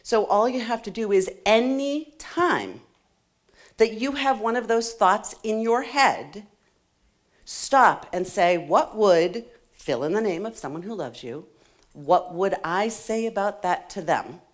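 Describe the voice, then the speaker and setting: Animated woman speaker, lively pitch. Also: takes it slowly. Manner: animated, laughs often, playful asides to the audience. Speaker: conference speaker. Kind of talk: motivational talk to a live audience. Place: conference hall stage.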